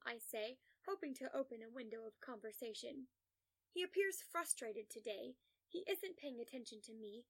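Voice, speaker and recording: A woman reading a first-person story aloud in a measured, condescending therapist's manner. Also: a little high, expressive, a bit bright. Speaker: narrator.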